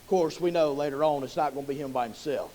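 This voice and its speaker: A man's voice: fairly high pitch, fast, warm tone, slight background noise. A man preaching a sermon with impassioned storytelling.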